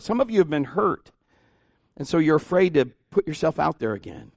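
A man preaching a sermon as pastor, informal and conversational, often rising in pitch and volume as he gets animated. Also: a little fast, creaky, no echo, clean studio sound. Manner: informal and conversational, with restarts and asides.

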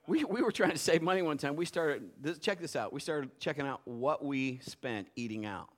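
A middle-aged male pastor preaching a sermon in a lively, conversational way, acting out little quotes. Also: fairly high pitch, fairly quick, hardly any pauses.

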